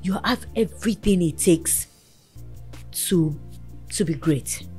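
A woman's voice: on the low side, slow, a little mellow, soft background music. A woman hosting a talk show, earnestly counselling and encouraging a guest in a motherly, preaching way.

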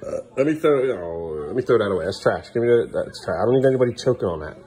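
A middle-aged father chats casually to the camera at home. He scolds his sons firmly, and his voice often climbs higher when he tells them off. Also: lively intonation, quick pace, hardly any pauses, noisy background. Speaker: father and vlogger. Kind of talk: casual family vlog chat. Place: at home indoors.

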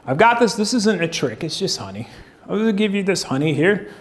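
A high-voiced man preaches a sermon in a folksy, joking way. He keeps turning to the congregation with questions and builds his points around props. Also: sing-song, brisk, a little hiss or hum. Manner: folksy, humorous, asks the crowd questions. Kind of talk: sermon with object lessons. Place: church stage before a congregation.

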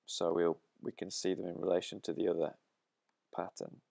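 Deep-voiced man explaining drum patterns. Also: flat delivery, normal speed, creaky, darkish tone. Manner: methodical, counting beats aloud. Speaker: drum teacher.

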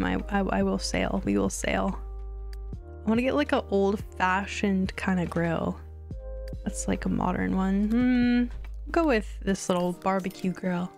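A woman streamer chatting casually while she plays a life-simulation game, rambling and quick to get excited. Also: medium pitch, vocal fry, soft background music. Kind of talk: casual gameplay commentary.

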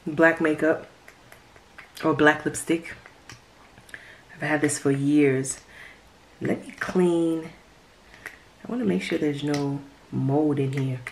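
A woman's voice: sits low, takes it slowly, pauses often. A woman talking casually through a makeup tutorial in a chatty vlog, sometimes dropping to a whisper. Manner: chatty, drops to whispers at times. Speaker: beauty vlogger.

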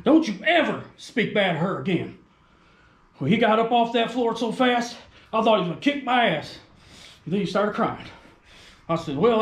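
A man with a high, bouncy voice tells a rambling, crude and folksy comic story as he shows off his RC truck. His voice rings in a roomy, echoey space, and his pitch swings up and down as he talks. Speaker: RC hobby video host. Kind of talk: comedic rural character monologue.

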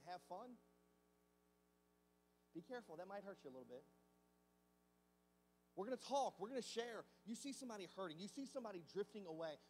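A male pastor delivers a sermon in a relaxed, conversational way, throwing rhetorical questions at his listeners. His voice sits fairly high for a man. The sound carries a long church reverb with a faint hum underneath. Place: church sanctuary.

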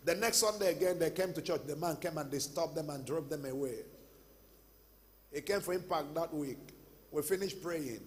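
A man with a Nigerian accent preaching a sermon as pastor, telling stories and breaking into shouts. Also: a little high, normal speed, a little hiss or hum. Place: large church hall. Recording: long church hall reverb.

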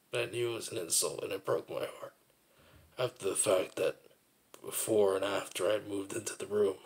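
A man with a very low, gravelly voice talks through his own memories. He rambles and circles back on his words, reflective and repetitive, as in a personal monologue.

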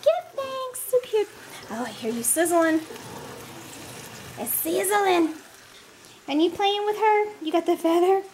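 A woman's voice: very high voice, animated, a little slow, pauses often, darkish tone. A young woman filming her family at home, chatting, laughing often and cheering her kids on, in a casual vlog on a handheld camera. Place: at home, indoors and outside. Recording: noisy home video.

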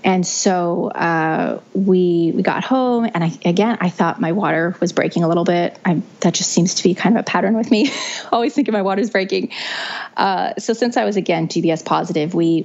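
A young woman with a lowish, gravelly voice recounts her birth story as a podcast guest. She talks in a chatty way, restarting her phrases and leaning on "you know." The audio is dull and lo-fi. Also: darkish tone. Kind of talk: casual storytelling.

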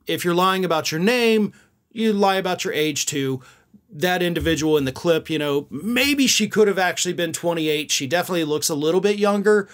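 A man's voice: sits high, a bit bright. A man hosting a political commentary show, talking casually to viewers with musing asides.

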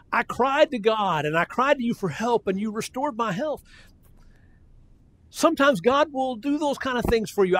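An older man delivering a sermon in a high-pitched voice. He talks in a homespun, chatty way and keeps circling back to restart his phrases as he builds his point. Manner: folksy and conversational, with frequent restarts. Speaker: preacher.

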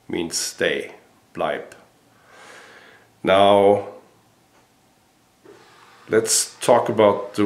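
German guy training dogs, lowish voice, talks real slow and patient, roomy echo. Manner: patient, repeats each word slowly. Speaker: dog trainer. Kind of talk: instructional talk.

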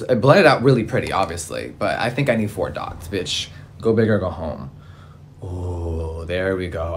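A man's voice: lowish voice, a little hiss or hum. A man in his thirties reviewing makeup in a casual vlog, campy, sassy and freely swearing. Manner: campy, sassy and profane, lively exclamations.

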